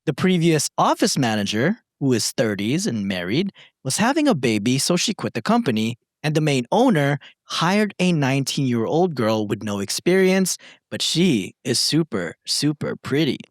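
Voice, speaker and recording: Lively man reading stories aloud. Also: mid-range voice, moderate pace, no echo, studio quality. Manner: animated, swearing banter. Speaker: podcast co-host reading stories. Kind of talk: reading aloud and casual chat.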